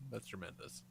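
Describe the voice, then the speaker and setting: A man hosting a podcast in casual chat, animated and swearing freely. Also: slight background noise. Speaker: podcast host.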